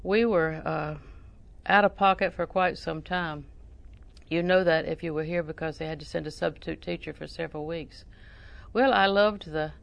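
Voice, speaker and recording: A woman's voice: on the low side, gravelly. An older woman preaching a sermon in a folksy, storytelling way, with emphatic repetition.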